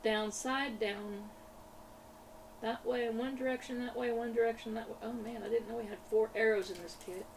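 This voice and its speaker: A woman's voice: a little high, vocal fry. A woman, chatting in a rambling way while she crafts, often laughing and repeating her words. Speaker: craft vlogger. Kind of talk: casual chat while crafting. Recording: slightly distant mic with faint room noise.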